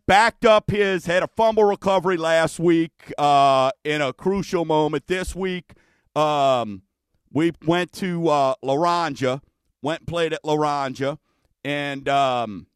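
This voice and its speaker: A man's voice: fairly high pitch, unhurried, clean tone, no room sound. A middle-aged man hosting a mortgage talk show, chatting casually and rambling with many fillers. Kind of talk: casual radio-style chat.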